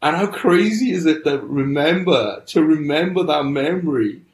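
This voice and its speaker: This middle-aged man from the UK sounds a little high and expressive, speaking at a moderate pace. As a podcast guest, he gives earnest personal testimony with frequent restarts, in a room with noticeable echo.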